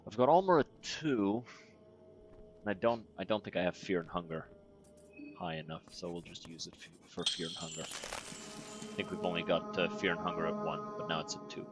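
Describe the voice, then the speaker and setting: Deep-voiced man joking through a game. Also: moderate pace, loud music behind the voice, low-quality recording. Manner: wry, deadpan jokes with fillers and restarts. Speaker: gaming streamer. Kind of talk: casual let's play commentary.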